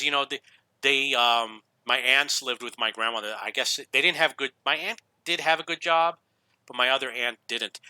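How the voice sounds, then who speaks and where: Male gaming YouTuber, casual storyteller, chuckles and restarts; very bright tone, dry recording. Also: medium pitch, no room sound. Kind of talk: casual storytelling over gameplay.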